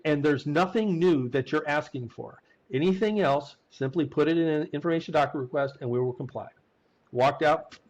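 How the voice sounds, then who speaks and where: A man's voice: fairly high pitch, rough recording. A man, an accountant guest on an interview show, telling a story with restarts and acted-out quotes. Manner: animated anecdotes with frequent restarts and acted-out quotes. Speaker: CPA guest.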